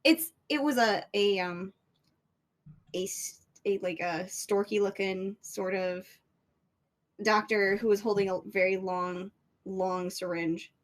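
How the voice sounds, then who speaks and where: A woman's voice: mid-range voice, takes it slowly. Goofy woman cohost, swears a lot, jokey casual chat. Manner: goofy, crude jokey banter. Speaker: stream co-host. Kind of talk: casual let's play chat.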